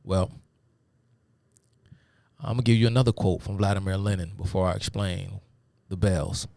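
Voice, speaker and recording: A man's voice: low-pitched, fairly even intonation, normal speed, vocal fry, darkish tone, no echo. A man hosting a live stream, giving a rambling, casual lecture full of fillers and asides to his viewers. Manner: rambling, many fillers, addresses viewers as y'all. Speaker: host of a live talk stream.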